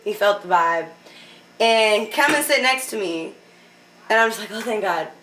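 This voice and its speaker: A woman's voice: medium pitch, lively intonation, normal speed, far from the mic. Laughing young woman, roomy off-mic sound. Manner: laughs often, fills with "like", drops to a hush for quoted lines. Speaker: interview guest. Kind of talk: candid casual storytelling.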